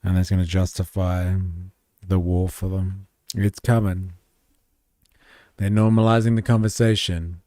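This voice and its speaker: A man's voice: low-pitched, little pitch movement, measured pace, pauses often, dark tone, no echo, studio quality. A man hosting a livestream, casually commenting on news clips with sarcastic, profane reactions. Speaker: livestream host.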